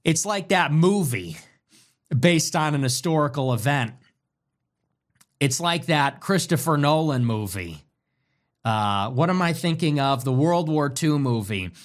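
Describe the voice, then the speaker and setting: With a slightly high voice and big swings in pitch, a man delivers an unhurried ranting monologue as a political commentator. He's contemptuous and mocking, hammering points through repetition.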